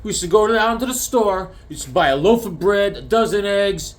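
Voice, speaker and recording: A nostalgic old-timer father, put on by his grown son, reminisces about the old days. The voice sits slightly higher than the son's own and rolls along in a wistful storytelling lilt. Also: expressive, a little fast.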